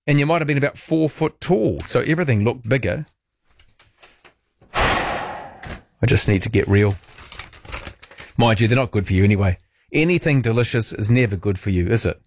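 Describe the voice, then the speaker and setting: A man's voice: medium pitch, animated, quick pace, a little hiss or hum. A man with a New Zealand accent hosting talk radio, musing aloud in a chatty way and tossing in rhetorical tag questions. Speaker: radio host. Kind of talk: casual talk radio monologue.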